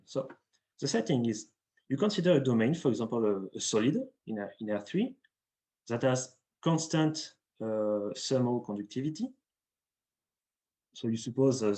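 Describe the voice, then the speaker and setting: Young man, from France, math seminar lecture, careful halting delivery, frequent restarts, video call, medium pitch. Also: a little mellow, rough recording. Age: young adult. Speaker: invited speaker at a math seminar. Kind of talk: academic lecture.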